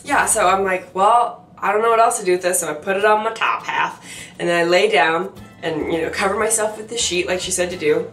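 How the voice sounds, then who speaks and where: A woman's voice: medium pitch, fairly quick. Chatty young woman telling a story, roomy. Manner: chatty and animated, laughing at herself, many fillers. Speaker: vlogger. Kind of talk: casual storytelling to camera. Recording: roomy sound from a distance with faint music.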